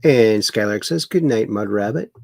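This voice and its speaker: A man's voice: lowish voice, expressive, moderate pace, vocal fry, a little mellow, no echo, clean studio sound. A man hosting a livestream, reading viewer chat aloud and mocking the news with chuckles. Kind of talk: casual political commentary livestream. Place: home in Wisconsin.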